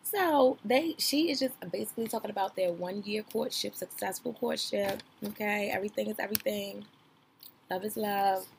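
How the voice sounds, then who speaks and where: A young woman hosting a podcast, giving sassy, gossipy reaction commentary on a reality show, loud one moment and mumbling the next. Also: medium pitch, normal speed, vocal fry, slight background noise. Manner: sassy, animated, gossipy, swings between loud outbursts and mumbling asides.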